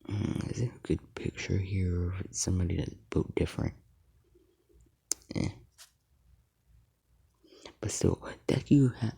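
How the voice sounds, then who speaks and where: Low gravelly man rambling a fan story. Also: dark tone. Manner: rambling, halting, often drops to a whisper. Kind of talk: casual improvised fan story narration.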